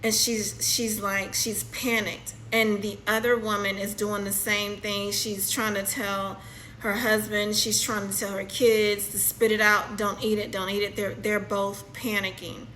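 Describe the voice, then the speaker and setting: A woman giving a channeled spiritual reading, halting and repeating herself as she describes what she sees, often checking in with "okay?". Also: medium pitch, flat delivery, bright, forceful tone, slight background noise, poor audio. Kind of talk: channeled reading, narrating a vision.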